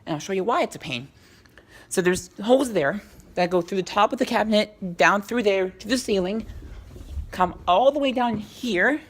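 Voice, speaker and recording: A woman's voice: medium pitch, expressive, brisk. A woman hosting a casual tech vlog at home, talking around a lozenge in her mouth, rambling and hesitant with many ums and restarts as she walks between rooms. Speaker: tech vlogger. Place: in a house, walking between rooms.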